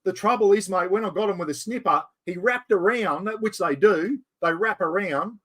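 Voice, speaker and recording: Animated Australian man spinning yarns. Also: high-pitched, normal speed. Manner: yarn-spinning, animated storyteller. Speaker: host. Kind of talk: casual chat.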